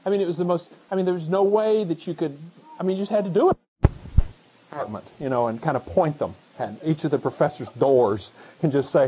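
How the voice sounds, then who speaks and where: A middle-aged man, a pastor, preaching a conversational sermon that swings between hushed asides and excited emphasis. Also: fairly high pitch, fairly quick, a little hiss or hum, low-quality recording.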